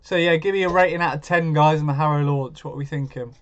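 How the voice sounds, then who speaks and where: A man's voice: a little high, fast talker, highs cut off. A man hosting a live stream, chatting casually and answering viewers' comments as he goes.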